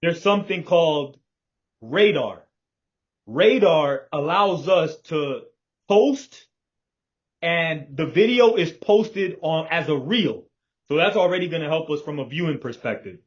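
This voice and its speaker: A man's voice: fairly high pitch, animated, a little slow. Emphatic man on a lo-fi call. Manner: emphatic, confident, swears freely. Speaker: business partner. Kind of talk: casual planning chat. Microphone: video call. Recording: dull lo-fi call audio.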